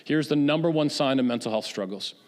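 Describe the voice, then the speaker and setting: A man's voice: medium pitch, a little mellow. A man giving a guest talk at a church, telling stories in a casual, conversational way. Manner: conversational, anecdotal, quick asides. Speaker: guest speaker. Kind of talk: church talk on mental health. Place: church sanctuary. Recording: long church hall reverb.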